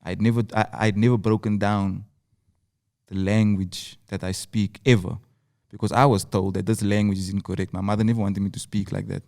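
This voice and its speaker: Man, Cape Town accent, low mellow voice, earnest storytelling, repeats phrases for weight. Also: flat delivery, brisk, vocal fry. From South Africa. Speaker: rapper guest. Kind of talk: reflective interview talk.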